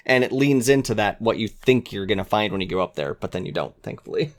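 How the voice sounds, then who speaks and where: A man's voice: medium pitch, lively intonation, fast, hardly any pauses. A man guesting on a podcast, talking earnestly and with enthusiasm, sometimes acting out quoted lines. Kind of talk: casual chat.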